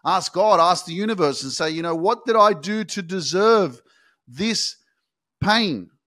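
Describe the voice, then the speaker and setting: A man hosting a motivational podcast, speaking with intense, profane emphas and swinging between hushed and shouting. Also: high-pitched, expressive, unhurried. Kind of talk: motivational monologue.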